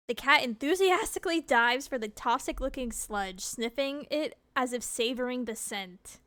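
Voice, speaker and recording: A woman's voice: on the high side, fairly bright tone, clean tone, no echo. A woman streamer reading a game's text aloud, laughing and reacting with disgust between lines.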